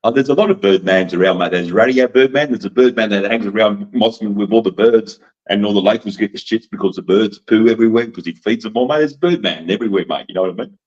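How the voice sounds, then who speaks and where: A man's voice: on the low side, quick pace, highs cut off. A slightly drunk Australian man, a wrestling promoter, telling rambling, profane, boastful stories in a casual podcast chat. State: a little drunk.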